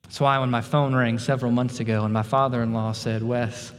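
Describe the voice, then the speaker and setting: A man preaching a sermon as pastor, earnest, rising in intensity and then dropping to a hushed, tender tone. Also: mid-range voice, flat delivery, quick pace, long reverb tail.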